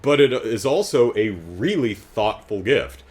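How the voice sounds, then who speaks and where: A man's voice: mid-range voice, big pitch swings, a little slow, darkish tone. A middle-aged man hosting a casual commentary, chatting with frequent fillers and restarts and wry, amused asides. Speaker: host reading and discussing comics.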